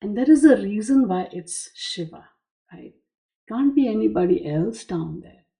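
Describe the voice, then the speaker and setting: A woman tarot reader retelling a myth to explain a card's image, unhurried and full of asides. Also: medium pitch, expressive, gravelly, mellow.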